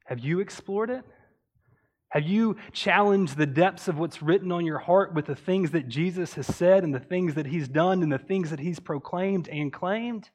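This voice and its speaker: A man's voice: high voice, moderate pace, a little mellow. A man preaching a sermon in an earnest tone, building his points through rhetorical questions. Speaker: pastor.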